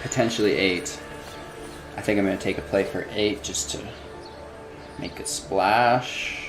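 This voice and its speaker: A man with a fairly low voice talks casually through a card game, thinking aloud in an easy, unhurried way. Music plays clearly beneath his commentary. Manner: relaxed, musing, thinks aloud while playing. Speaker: gameplay streamer.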